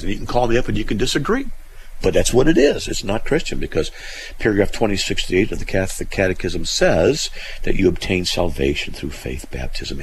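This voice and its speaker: A man's voice: low-pitched, slight background noise, rough recording. A man hosting a call-in radio show, reading hate mail aloud and answering it bluntly. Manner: blunt, animated, laughs at what he reads.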